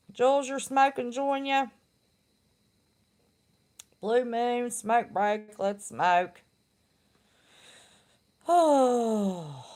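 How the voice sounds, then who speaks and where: Middle-aged woman, unhurried, lively pitch, blunt chatty stream host. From West Virginia. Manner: chatty, laughs often, blunt. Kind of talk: casual live-stream chat.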